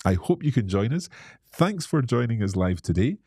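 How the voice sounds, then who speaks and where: A man's voice: medium pitch, big pitch swings, moderate pace, darkish tone, husky, dry recording, studio quality. A Scottish man hosting a live-stream Q&A as an English teacher, reading out viewer comments and explaining things in a friendly way.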